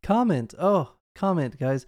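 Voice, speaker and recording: A man with a slightly higher voice hosts a casual podcast, slipping in wry, dry jokes between segments. The sound is close and dead, with no room echo at all. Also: very animated, unhurried, a little mellow. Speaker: podcast host.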